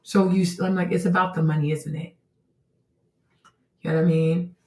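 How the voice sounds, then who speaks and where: A woman's voice: lowish voice, little pitch movement, moderate pace, mellow. A woman hosting an opinionated commentary stream, talking emphatically and rhetorically, repeating phrases for effect. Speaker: host. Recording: roomy and distant from the mic.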